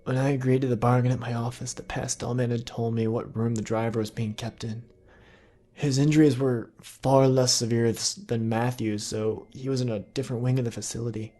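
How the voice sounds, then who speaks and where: A man's voice: medium pitch, warm tone. Man narrating a somber horror story. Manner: measured, somber.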